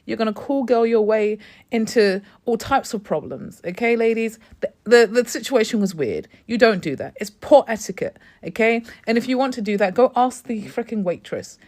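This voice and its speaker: A woman's voice: fairly high pitch, expressive, normal speed, a little mellow. A woman hosting and telling an opinionated story, lecturing her listeners emphatically with sassy asides. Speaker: host.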